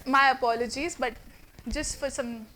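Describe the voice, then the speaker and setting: High, bright Indian woman trainer. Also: normal speed, slight background noise. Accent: Indian English. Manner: energetic, theatrical, quizzes the audience. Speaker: communication trainer. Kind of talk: interactive workshop lecture. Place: classroom with a live student audience.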